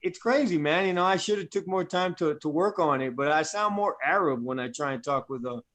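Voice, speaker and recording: A man's voice: a little high, brisk, a bit bright. A man from New Jersey with a New Jersey accent, an actor guest chatting casually and peppering his talk with "man" and "you know.". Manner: easygoing, fills speech with "man" and "you know". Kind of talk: casual chat.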